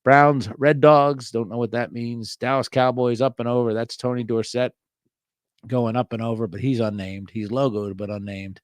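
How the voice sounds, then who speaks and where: A man's voice: medium pitch, little pitch movement, moderate pace, a little mellow, dry recording, clean studio sound. A man hosting a casual solo show about old trading cards, reading the card text aloud and joking wryly in an offhand way. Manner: wry, offhand, reads card backs aloud. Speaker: host.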